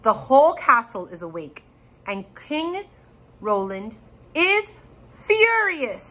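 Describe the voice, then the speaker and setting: A woman's voice: sits high, sing-song, slow pace, a bit bright, pitched above the performer's own voice, full character voice, low-quality recording. A woman voicing a stern old male wizard who scolds firmly.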